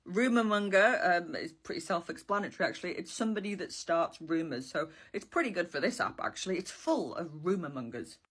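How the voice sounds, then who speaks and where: A woman's voice: fairly low pitch, lively intonation, brisk, hardly any pauses, fairly bright tone, breathy edge. A woman talking casually to camera, sharing old slang with wry, sardonic asides and the odd swear word.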